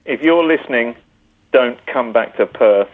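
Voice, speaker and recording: A man's voice: mid-range voice, animated, unhurried. A man from the UK, a police officer, calling in to a radio show and playing along with mock indignation. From United Kingdom. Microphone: telephone. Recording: tinny phone line.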